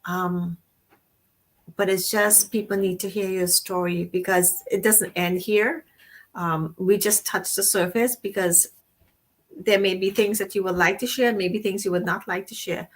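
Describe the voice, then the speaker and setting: A woman's voice: medium pitch, fairly even intonation, a little slow. A woman co-hosting a casual talk show, speaking effusively and rambling, with frequent restarts and rephrasings. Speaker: co-host.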